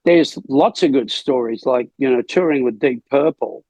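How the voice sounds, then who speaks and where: An older man, a rock singer being interviewed, telling rambling anecdotes in a gravelly, husky voice. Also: mid-range voice, moderate pace, warm tone, no echo, poor audio. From Australia. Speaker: lead singer, interview guest. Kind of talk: casual storytelling interview.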